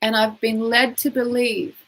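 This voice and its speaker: A woman leads a guided tapping session in a gentle, instructive way. Her voice sits a little high, and she calmly names each tapping point and breathing cue. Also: measured pace. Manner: gentle, instructive, repeats phrases for listener to echo. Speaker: tapping coach.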